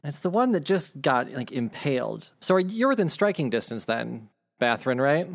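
A man's voice: medium pitch, big pitch swings, moderate pace, creaky. A man acting as game master, explaining rules casually and swearing now and then. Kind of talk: running a tabletop game.

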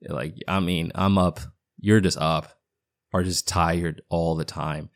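A man's voice: sits low, steady tone, takes it slowly, vocal fry, no room sound, clean studio sound. A man in his thirties with a partial Boston accent, hosting his own podcast and giving a casual, rambling solo update with fillers and restarts. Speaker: podcast host. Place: home basement.

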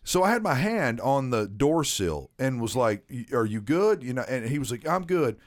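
Animated swearing man telling a story. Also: mid-range voice, moderate pace. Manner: animated, swearing, acts out quotes. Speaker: podcast co-host. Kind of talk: casual storytelling chat.

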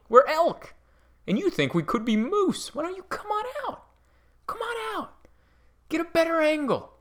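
Comic bit: a sweet-talking wild elk, pitched way up and lilting. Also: male voice, fairly bright tone, exaggerated voice. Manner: wheedling, sing-song. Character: coaxing wild elk inviting a human closer.

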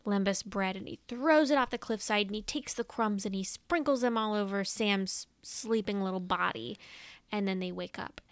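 A woman co-hosting a casual podcast, chatty and expressive, retelling film scenes in long run-on stretches. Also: mid-range voice, normal speed, smooth, dry recording. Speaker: podcast co-host. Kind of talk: casual chat about a film.

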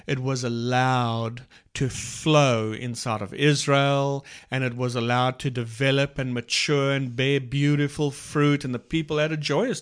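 A man co-hosting a casual faith talk, retelling Bible stories in an unhurried way with many restarts. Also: medium pitch, a bit bright, smooth. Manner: slow, unhurried storytelling with restarts and laughs.

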